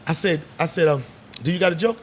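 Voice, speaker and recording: A man's voice: fairly high pitch, fast talker, a little hiss or hum. A middle-aged man, a comedian, telling stories in a casual bar chat, acting out voices and swearing freely. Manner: animated storyteller, acts out voices, swears freely. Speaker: comedian guest. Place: bar set.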